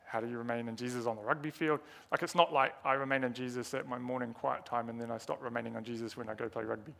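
A man's voice: mid-range voice, fairly even intonation, fast, gravelly, a bit bright. A man preaching a sermon, earnest and emphatic, asking rhetorical questions and repeating key words.

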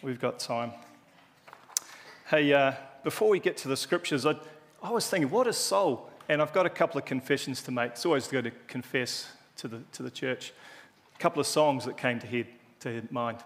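A man with a New Zealand accent preaching a relaxed, jokey, self-deprecating sermon in a church hall. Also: medium pitch, normal speed. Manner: chatty, joking, self-deprecating. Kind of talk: casual sermon.

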